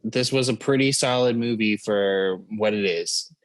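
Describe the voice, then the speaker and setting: Easygoing lower-voiced man. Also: a little slow, no room sound. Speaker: podcast co-host. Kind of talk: casual chat.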